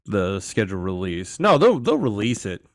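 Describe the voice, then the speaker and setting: A man's voice: fairly low pitch, wildly swooping pitch, normal speed, no echo. Dry-sounding sardonic male podcast co-host. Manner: quizzical, sardonic questioning. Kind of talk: casual chat.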